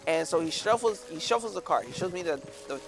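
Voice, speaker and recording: Over soft background music, a man with a slightly high, expressive voice talks quickly while streaming a game. He rambles through a casual story, tagging his sentences with lots of "like" and "right?".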